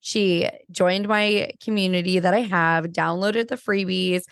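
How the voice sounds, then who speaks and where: A woman's voice: lowish voice, fairly even intonation, measured pace, gravelly, clean tone, no room sound, clean studio sound. A woman hosting an interview podcast, chatting with enthusiasm as she shares listener stories and asks questions. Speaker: podcast host. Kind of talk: casual interview chat.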